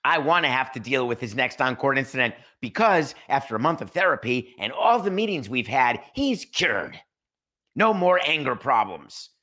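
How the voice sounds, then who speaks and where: A man's voice: mid-range voice, very animated, normal speed, sharp tone. A man imitating a league commissioner with a soothing, eager-to-please delivery in a comic podcast bit. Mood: mock reassuring. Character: impression of a smooth, placating league commissioner, adult man.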